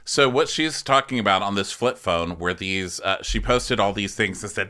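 A man's voice: on the low side, moderate pace, few pauses, sharp tone. A man hosting a podcast, rambling through a comedic recap and laughing often. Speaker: podcast host.

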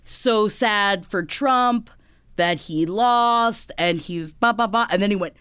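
A woman co-hosts a podcast in casual conversation, telling stories packed with fillers and laughing often. Her medium-pitched voice is slow, a bit bright, and clean, recorded in a clean studio with no room sound.

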